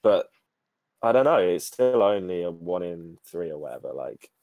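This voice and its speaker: A man's voice: sits low, sing-song, moderate pace, darkish tone, dry recording. A man co-hosting a podcast, rambling and correcting himself as he chats about a card game. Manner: rambling, self-correcting, laughing. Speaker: podcast co-host. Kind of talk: casual card-game discussion.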